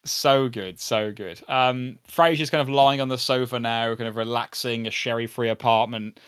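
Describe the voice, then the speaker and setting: A man co-hosting a podcast, chatting casually and enthusiastically with quick asides. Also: medium pitch, steady tone, a bit bright, clean tone. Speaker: podcast co-host. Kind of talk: casual chat.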